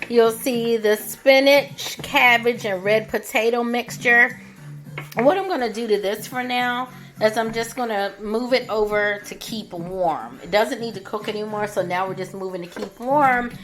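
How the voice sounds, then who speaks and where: A woman's voice: fairly high pitch, unhurried, fairly bright tone, faint music behind. A woman vlogging her home cooking, chatting through each step as she shows the food. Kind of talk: cooking demonstration.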